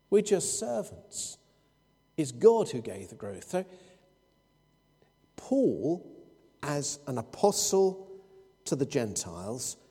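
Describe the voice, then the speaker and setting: A man's voice: on the high side, warm tone, husky. A man preaching a sermon, explaining scripture and telling anecdotes with quoted dialogue. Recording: long hall reverb.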